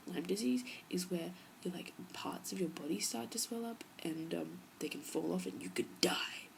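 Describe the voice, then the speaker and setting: A woman's voice: fairly low pitch, moderate pace, gravelly, slight background noise, rough recording. A young woman vlogging, telling a rambling story in a chatty way and dropping into whispers for emphasis. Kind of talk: casual storytelling vlog.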